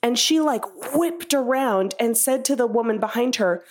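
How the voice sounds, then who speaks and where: A woman with a slightly high voice tells an anecdote in a voicemail for a podcast. She speaks earnestly and ends with thanks. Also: expressive, normal speed. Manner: earnest storytelling, grateful. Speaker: listener leaving a voicemail.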